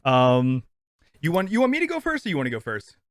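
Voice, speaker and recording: A man's voice: fairly high pitch, wildly swooping pitch, a little fast, dry recording, clean studio sound. A man co-hosting a movie podcast, chatting casually, laughing easily and often repeating himself. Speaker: podcast co-host. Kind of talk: casual movie review chat.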